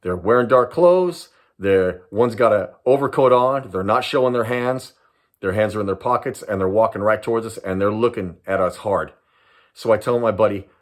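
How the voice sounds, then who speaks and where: A man in his sixties from Southern California, a retired police sergeant and private investigator, telling a personal story to camera in an animated, dramatic way. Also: on the low side, moderate pace. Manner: animated, dramatic storyteller who acts out voices and laughs.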